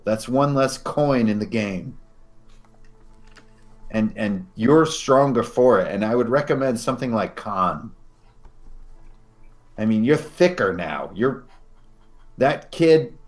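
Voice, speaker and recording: A man as game master, narrating scenes descriptively and slowing down for dramatic moments. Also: mid-range voice, darkish tone.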